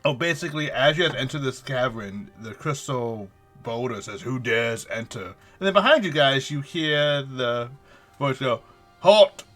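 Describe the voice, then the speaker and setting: A man's voice: mid-range voice, lively intonation, moderate pace, pushed and bright, faint music behind. A man running a streamed tabletop game as game master, chatty and joking.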